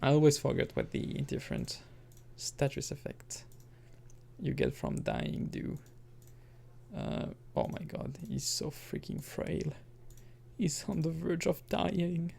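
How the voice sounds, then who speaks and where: A man's voice: fairly high pitch, animated, takes it slowly, creaky, darkish tone, breathy edge. A man giving casual let's-play commentary, rambling and correcting himself, with chuckling asides. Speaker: gaming commentator.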